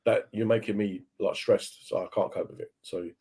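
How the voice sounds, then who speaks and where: A man's voice: on the low side, fairly even intonation, normal speed, dark tone, breathy edge. Chatty man hosting a show. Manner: chatty, swaps into voices when quoting people. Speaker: radio show host. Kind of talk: casual chat, telling stories.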